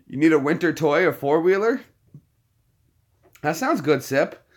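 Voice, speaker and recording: Man cooing softly to his dogs. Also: on the high side, expressive, measured pace. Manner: soft, cooing baby talk to his dogs. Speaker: channel host. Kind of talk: casual live chat.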